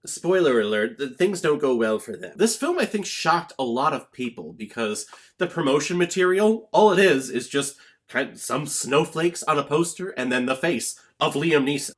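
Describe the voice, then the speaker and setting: A man's voice: on the high side, expressive, normal speed. A young man giving a casual movie review vlog, blunt and opinionated with jokey rants.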